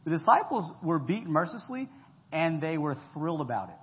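A man preaching a conversational sermon, lively and joking as he talks straight to the congregation. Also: on the high side, fairly quick. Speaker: pastor. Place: church hall. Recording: echoey hall, dull lo-fi sound.

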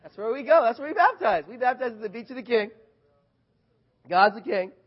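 A man preaching a casual sermon, animated, swinging from loud bursts to quiet asides. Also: very high voice, a little fast, husky, lo-fi sound.

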